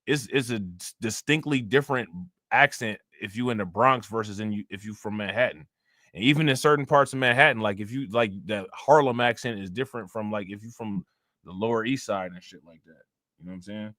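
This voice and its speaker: A young man with a fairly low, sharp voice talks briskly while hosting a livestream. His chat is loose, rambling, and profane as he answers viewers, and the studio audio is clean with no echo.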